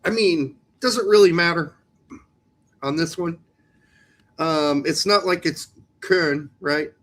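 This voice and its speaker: A man's voice: on the high side, slow, a bit bright. A man co-hosting a soccer podcast in a casual, joking chat, teasing his co-host about pronunciations.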